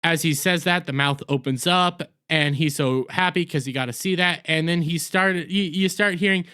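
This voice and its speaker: A man's voice: a little high, normal speed, pushed and bright, clear, resonant tone. A man giving a blunt, sarcastic, rambling rant as a video reviewer, full of crude words and restarts. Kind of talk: ranting TV review.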